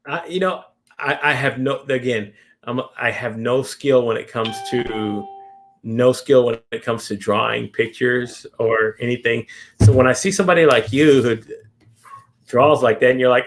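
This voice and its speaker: A man's voice: mid-range voice, normal speed. A man hosting a casual interview, talking in long rambling turns full of fillers and restarts. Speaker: host.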